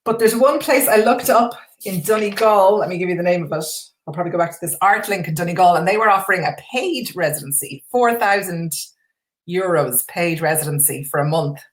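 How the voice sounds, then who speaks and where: Chatty Irish woman with a low voice. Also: lively intonation, brisk. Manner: chatty, enthusiastic, many restarts. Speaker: guest artist. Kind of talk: casual live-stream chat.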